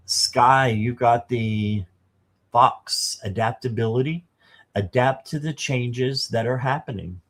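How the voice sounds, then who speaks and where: A man's voice: mid-range voice, takes it slowly, fairly bright tone. A man doing a casual live tarot reading, chatting to viewers and reading the card text aloud. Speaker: tarot reader.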